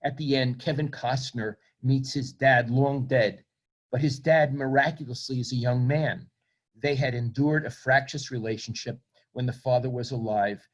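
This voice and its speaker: A man, reading from his book and then talking about himself in a reflective, self-deprecating way. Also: medium pitch. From Brooklyn, New York. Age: 70s. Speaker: author.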